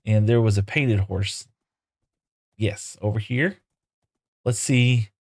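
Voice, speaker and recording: A man's voice: fairly low pitch, slow, darkish tone. A man live-streaming a game, chatting casually with viewers and coaxing his in-game horses in playful broken talk.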